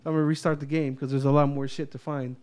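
A man co-hosting a casual podcast, telling a story in an animated, heavily profane way. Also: on the high side, quick pace, smooth. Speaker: podcast co-host. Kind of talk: casual chat.

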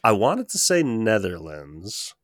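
A young man competing in a casual trivia game, trash-talking playfully and laughing while he reasons out loud. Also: on the low side, very animated, takes it slowly, no room sound, studio quality. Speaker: trivia contestant and co-host.

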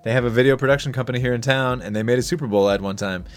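A man's voice: medium pitch, racing, faint music behind. A man in his thirties hosting a casual chat, often laughing and steering the conversation. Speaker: podcast host.

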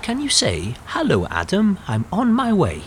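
A woman's voice: lowish voice, huge pitch swings, normal speed, a little hiss or hum, voice pushed up. A woman playing an exasperated young woman dictating texts to her phone, in a comedy sketch. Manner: exasperated, yelping.

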